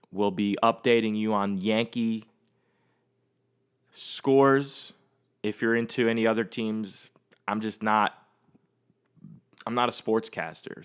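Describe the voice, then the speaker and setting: A man hosts his own podcast, chatting solo in a loose, easygoing, rambling way and swearing a lot. His voice is lowish and smooth.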